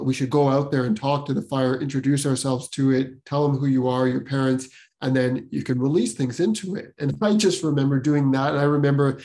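A man's voice: mid-range voice, darkish tone. A man hosting a podcast, telling his personal story casually, rambling and full of filler words. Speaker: podcast host.

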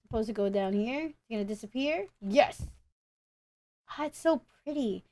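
High, lively young woman gamer. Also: moderate pace. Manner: excitable, shrieks and groans at failures. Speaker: gaming YouTuber. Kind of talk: let's play commentary.

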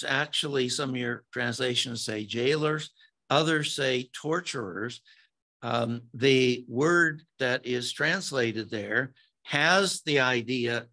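Slow, gravelly-voiced male preacher. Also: fairly high pitch, sharp tone. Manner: slow, deliberate preaching with emphatic rises. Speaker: pastor. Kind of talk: sermon.

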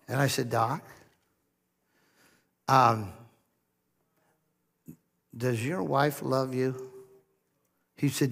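Pastor preaching in a reverberant hall. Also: male voice, medium pitch, steady tone, drawn-out words, gravelly, long pauses. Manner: storytelling with humor and soft-spoken quoted dialogue. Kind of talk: sermon. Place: church hall.

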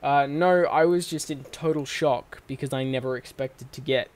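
A young man with a mid-range voice talks casually to his channel at a steady tone and moderate pace, from a desk setup in his bedroom at home. In this vlog monologue he rambles, swears freely and corrects himself as he goes. He speaks into a microphone on a stand at his desk.

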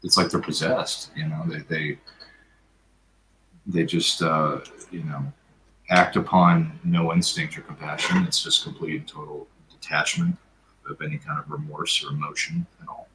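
A man's voice: a bass voice, expressive, moderate pace, creaky. A man in casual chat, rambling and repeating himself. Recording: echoey room with faint noise.

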